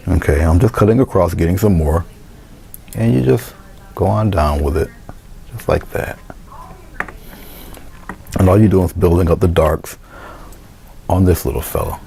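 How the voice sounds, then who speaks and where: Low gravelly man demonstrating painting. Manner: relaxed, talks through each step, trails into quiet asides. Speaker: painting instructor. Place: indoor studio.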